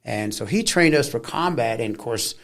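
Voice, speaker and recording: Animated male storyteller, middle-aged. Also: mid-range voice, moderate pace, vocal fry. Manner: animated storyteller who acts out quoted voices. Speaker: guest. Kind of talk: conversational interview storytelling.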